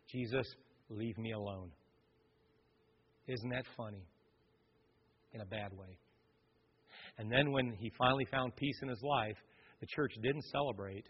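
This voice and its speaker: A male pastor preaching a sermon, swinging from loud, lively passages to hushed, quiet ones. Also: mid-range voice, highs cut off, a little hiss or hum.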